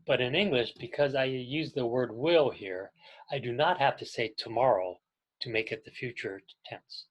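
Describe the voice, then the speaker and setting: A man teaching an English grammar class to adult learners, explaining slowly and clearly and pausing so students can repeat after him. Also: mid-range voice, lo-fi sound. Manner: patient, deliberate, pauses for learners to repeat. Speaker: ESL teacher.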